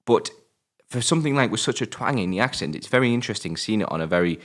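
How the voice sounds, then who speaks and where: British male co-host, very low voice, loose rambling film chat with fillers. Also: expressive, fast. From Britain. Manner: rambling, many fillers and restarts, swears casually. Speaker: film review podcast co-host. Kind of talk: casual film discussion.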